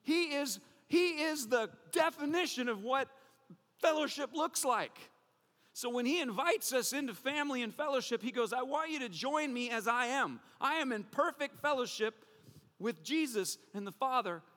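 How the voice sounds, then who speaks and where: Bright-voiced man preaching in a hall. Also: very high-pitched. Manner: animated, conversational preaching with playful asides. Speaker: pastor. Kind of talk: sermon.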